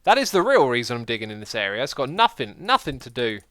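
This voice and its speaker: A man's voice: mid-range voice, big pitch swings, quick pace, bright, forceful tone, no room sound. A man hosting a game livestream, chatting casually, reading viewer comments aloud and joking at his own expense. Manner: chatty, reads viewer comments aloud, self-deprecating jokes. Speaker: livestreaming gamer host.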